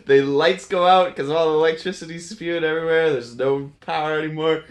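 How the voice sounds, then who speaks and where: A man's voice: on the high side, fairly even intonation, fairly quick. A man casually retelling a film's plot, laughing often and acting out the lines in silly voices. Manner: playful, giggly, acts out lines in silly voices. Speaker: host recapping a film. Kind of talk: casual chat.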